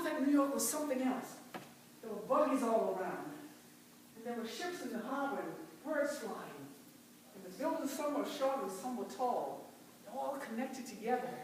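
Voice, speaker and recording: A fervent, determined mother who was once enslaved speaks in an impassioned first-person stage monologue, played by a woman. Her high voice breaks often into cries of "oh." She sounds far from the mic in a very echoey church with a faint hum behind. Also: lightly acted. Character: devout formerly enslaved mother, fierce and determined. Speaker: church dramatic performer. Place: large church sanctuary.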